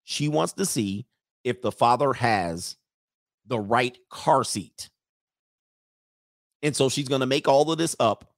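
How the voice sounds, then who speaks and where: A man hosts a reaction commentary and talks about a clip in an emphatic, sarcastic way. His voice sits at an ordinary pitch. It is recorded dry and close, with no room echo. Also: takes it slowly, long pauses. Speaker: commentary host.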